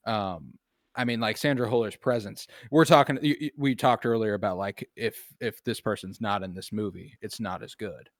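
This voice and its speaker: A man's voice: lowish voice, normal speed, dry recording, studio quality. A man co-hosting a podcast, talking casually about films, loose and profane with lots of fillers. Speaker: podcast co-host. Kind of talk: casual film chat.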